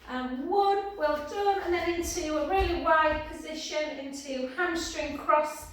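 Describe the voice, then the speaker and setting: A woman's voice: sits high, unhurried. A woman teaching a pilates class, counting down reps and chatting with stories between exercises. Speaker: pilates instructor. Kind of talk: live class instruction with counting. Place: her home exercise studio. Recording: very echoey room, mic far off.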